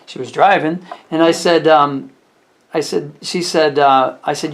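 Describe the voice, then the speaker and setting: Waiter, male, slightly higher voice; casual rambling storyteller, filler-heavy, builds to animated. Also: unhurried. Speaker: restaurant waiter.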